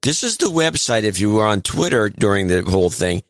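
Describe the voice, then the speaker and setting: A man's voice: fairly low pitch, sing-song, fairly quick, dry recording, clean studio sound. A man co-hosting a podcast in casual political chat, emphatic and repeating words for stress. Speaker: podcast co-host.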